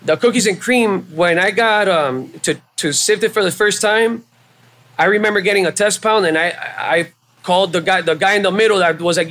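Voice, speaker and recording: A man with a fairly high voice tells his story on a podcast, loose and casual. He swears freely and jumps into the voices of the people he's quoting, keeping the telling animated. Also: moderate pace. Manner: animated and profane, acting out quoted exchanges. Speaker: podcast guest. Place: live show at a venue.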